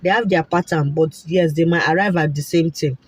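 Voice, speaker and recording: Nigerian woman vlogger, slightly husky and dry-sounding, animated storyteller who repeats herself and drops into Pidgin. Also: deep voice, fairly quick, dry recording. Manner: animated and repetitive, slipping into Pidgin asides. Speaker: vlogger sharing a fertility story. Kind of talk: casual personal storytelling.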